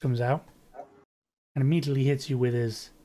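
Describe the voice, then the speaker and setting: A man narrating as game master for a tabletop game, relaxed with hesitant fillers. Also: medium pitch, fairly quick.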